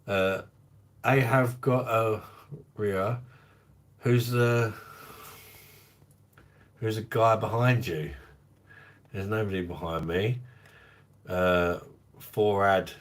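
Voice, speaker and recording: A man with a fairly low voice hosts a relaxed livestream. He talks at an unhurried, easy pace, joking around and greeting viewers by name as he reads their comments aloud. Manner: jokey and chatty, laughs often, greets viewers. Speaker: livestream host of a beer review channel. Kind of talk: casual livestream chat, reading viewer comments.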